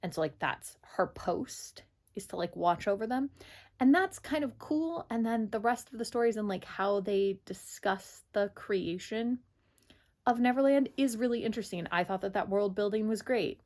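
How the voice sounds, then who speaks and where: A woman's voice: mid-range voice, moderate pace, a little mellow. A young woman giving a casual, chatty book review, full of "like" fillers.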